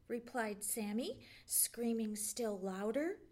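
A woman librarian reading a children's storybook aloud with gentle, expressive storytelling. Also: fairly high pitch, slow pace, husky.

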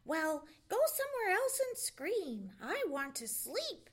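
A woman's voice: very high-pitched, big pitch swings, takes it slowly, pitched above the performer's own voice, heavily acted. A woman playing a snarling cross fox. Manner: snappish, irritable.

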